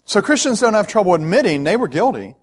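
Male pastor, sermon delivery, earnest and emphatic, somewhat high-pitched, natural fillers. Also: sing-song, fast, breathy edge.

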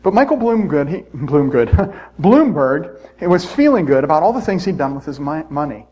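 Brief: male pastor, husky, somewhat high voice, casual self-deprecating sermon. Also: sing-song, moderate pace, dark tone, dull audio. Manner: conversational, self-deprecating preaching with asides to the congregation. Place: church.

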